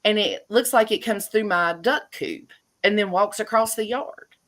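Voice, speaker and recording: A woman tells her story in a bright, forward voice, lively and chatty. She speaks as a guest over a video call, from home. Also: medium pitch, moderate pace. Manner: chatty, animated retelling with laughs. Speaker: guest homeowner. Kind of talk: casual storytelling.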